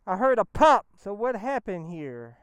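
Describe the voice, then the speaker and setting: A man talking casually on a motorcycle ride, excitable and slangy, often breaking into exclamations. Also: high-pitched, a little slow, smooth, dry recording. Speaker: motorcycle vlogger. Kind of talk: casual riding vlog. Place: outdoors on a motorcycle.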